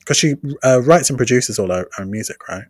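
Brief: male podcast co-host, sweary wisecracks, lively pitch. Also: fairly quick, no room sound, studio quality. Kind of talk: casual chat.

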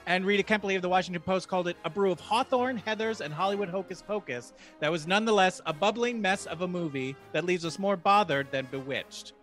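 A man's voice: high-pitched, quick pace, few pauses, a bit bright, soft background music. A man co-hosting a podcast, reading a film rundown. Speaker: podcast co-host. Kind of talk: casual chat and read summary.

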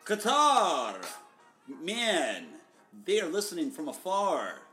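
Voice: medium pitch, lively intonation, unhurried, a bit bright, reverberant, soft background music. A podcast co-host rapping jokey rhymes over a beat.

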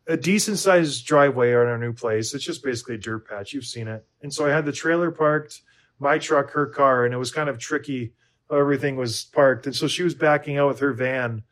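A rambling American man in his thirties chats loosely on a podcast. He stumbles and restarts often and pokes fun at himself, at a mid-range pitch. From United States. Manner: rambling, self-deprecating, lots of restarts and fillers. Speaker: podcast co-host. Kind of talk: casual chat.

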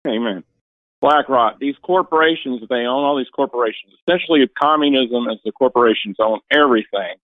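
A man's voice: mid-range voice, no room sound. Fervent male caller on a tinny phone line. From Indiana. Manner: earnest, emotional, preacher-like fervor. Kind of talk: call-in radio talk.

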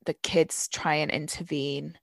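A woman's voice: sits low, little pitch movement, unhurried, vocal fry, a bit bright, no room sound. A woman co-hosting a casual book podcast, searching for words with restarts and swearing freely. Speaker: podcast co-host.

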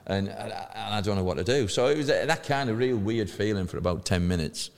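Man, 50s, very deep voice, gravelly, animated storyteller, reverberant room. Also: a little fast, slight background noise. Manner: lively storyteller who acts out quoted voices. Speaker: podcast guest, former footballer. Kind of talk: anecdotal podcast chat.

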